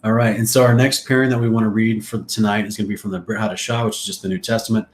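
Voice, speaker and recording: A man's voice: on the low side, little pitch movement, very fast, reverberant. A man hosting a Bible study, reading scripture aloud and adding chatty, jokey asides. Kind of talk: casual scripture reading and commentary.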